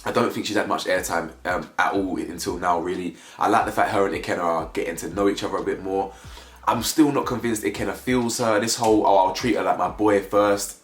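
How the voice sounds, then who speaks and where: A young man casually reviews a reality show in slangy commentary, firing off rhetorical questions in his vlog. His deep voice is brisk, recorded in an echoey room with faint music.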